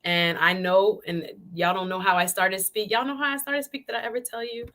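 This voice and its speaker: A woman's voice: mid-range voice, steady tone, fairly quick, fairly bright tone. A woman hosting her own live-stream talk show, chatting casually and animatedly with viewers and often repeating phrases. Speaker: show host.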